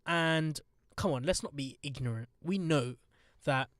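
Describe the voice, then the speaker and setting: A man's voice: on the high side, unhurried, a bit bright, dry recording, studio quality. A young man hosting a casual podcast, blunt, sarcastic and swearing freely. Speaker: podcast host.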